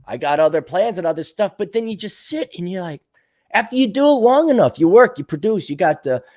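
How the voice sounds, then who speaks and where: A man's voice: high voice, animated, brisk, a little mellow. A man hosting his podcast alone, rambling and musing aloud in a sardonic way, slipping into little voices for his own thoughts. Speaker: podcast host. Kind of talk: rambling solo monologue.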